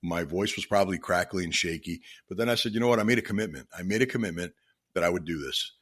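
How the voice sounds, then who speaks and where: A middle-aged man talks through a personal story on his solo podcast. His voice is very deep and husky. He speaks earnestly and from the heart, often restarting his sentences. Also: fast talker, a bit bright. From Florida. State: choked up with emotion. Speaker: podcast host. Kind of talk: reflective solo podcast monologue.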